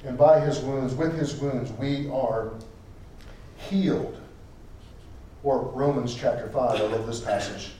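A man preaching a sermon, emphatic, repeating key phrases for stress and switching between loud declarations and quiet asides. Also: medium pitch, steady tone, slow pace, long pauses, slight background noise. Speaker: pastor. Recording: echoey room, voice from a distance.

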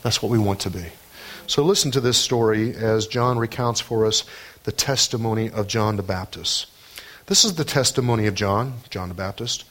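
A man preaching a sermon as pastor of his church, earnest and measured. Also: lowish voice, a bit bright.

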